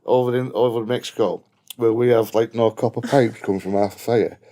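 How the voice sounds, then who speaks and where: A man's voice: lowish voice, fairly even intonation, brisk, mellow. A man with a broad Liverpool accent telling a profane, blunt anecdote in casual chat. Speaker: guest storyteller.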